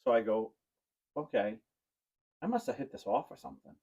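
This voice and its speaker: A man co-hosting a podcast, telling a long story in casual chat and now and then breaking into high squeals. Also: sing-song, normal speed, mellow, dull audio. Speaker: podcast co-host.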